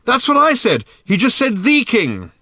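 A man voicing a bewildered male traveller who shouts questions in confusion, in an audiobook reading. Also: very high-pitched, wildly swooping pitch, normal speed, no echo, clean studio sound, voice pushed up, heavily acted. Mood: shouting. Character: bewildered young Englishman clinging to a beast.

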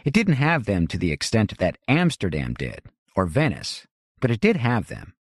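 A male audiobook narrator reading a novel in a measured, wry way, his pitch swooping widely across phrases. The recording is dry and close, with no room sound behind him. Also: huge pitch swings, breathy edge, no echo. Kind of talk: scripted narration.

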